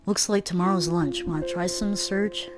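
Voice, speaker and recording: A woman's voice: lowish voice, steady tone, moderate pace, natural voice. Woman doing a brash, slangy young thief. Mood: cocky. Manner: slangy, gruff and blunt.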